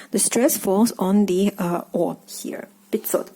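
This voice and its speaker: Slow, mellow Russian-accented teacher. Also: female voice, medium pitch, steady tone, husky. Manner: hesitant, many fillers, repeats words slowly. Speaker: language teacher. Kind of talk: casual teaching.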